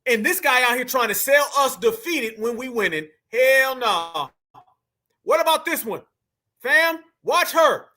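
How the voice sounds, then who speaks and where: A man's voice: extremely high pitch, lively intonation, measured pace, bright, forceful tone, a little hiss or hum. A man hosting a reaction commentary, talking emphatically and preachily to his audience. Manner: emphatic and preachy, keeps calling the audience fam. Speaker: commentary host.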